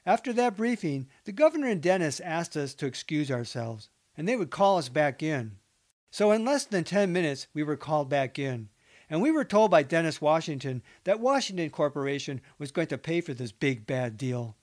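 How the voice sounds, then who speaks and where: A man narrating a nonfiction account, reading interview quotes in an even, measured way. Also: fairly high pitch. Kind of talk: documentary book narration.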